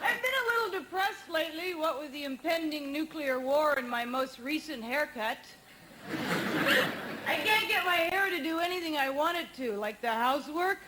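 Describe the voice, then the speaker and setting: A woman performing a stand-up comedy routine on a TV studio stage, with a wry, punchy deadpan delivery. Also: high-pitched, normal speed, a loud crowd. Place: TV studio stage with a live audience. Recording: noisy old 1980s TV broadcast tape.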